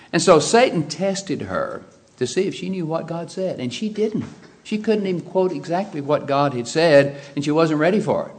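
A man preaching a sermon, swinging from quiet asides to loud, emphatic exclamations. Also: a little high.

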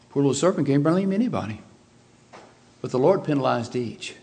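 A man preaching a sermon, swinging from quiet asides to loud, emphatic exclamations. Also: mid-range voice, sing-song, brisk.

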